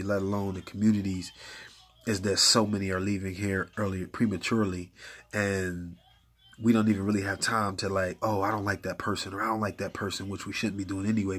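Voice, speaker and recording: Husky low-voiced man talking faith. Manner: conversational, uses many fillers like "you know what I'm saying"; gets animated and hyped when retelling stories. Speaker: faith speaker. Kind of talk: casual spoken encouragement about faith.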